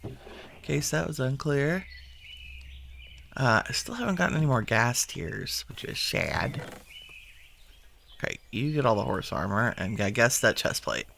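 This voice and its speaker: Man, casual gameplay commentary, gravelly, bright tone, talks things through to himself. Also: mid-range voice, lively intonation, measured pace, long pauses, slight background noise. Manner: chatty, thinks aloud to himself while sorting. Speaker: gaming video host.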